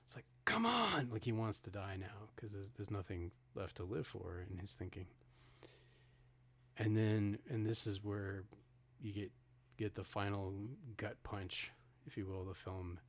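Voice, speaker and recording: A man with a very low voice co-hosts a podcast. He retells a film's ending in casual talk, restarting his sentences and acting out the characters' lines. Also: level tone, measured pace, darkish tone. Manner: retells scenes with acted-out quotes, frequent restarts. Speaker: podcast co-host. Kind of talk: casual film discussion.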